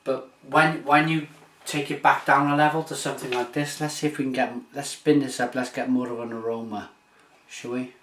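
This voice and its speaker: A man's voice: mid-range voice, little pitch movement, fairly quick, a bit bright, a little hiss or hum. A British man hosting a casual beer review vlog, talking with enthusiasm, rambling and restarting his sentences often. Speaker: beer reviewer, channel host. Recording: echoey room, mic at a distance.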